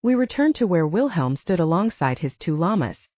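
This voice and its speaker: A woman narrating a first-person audiobook in an animated storytelling manner. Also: lowish voice, moderate pace, no echo. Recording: dull lo-fi dry recording.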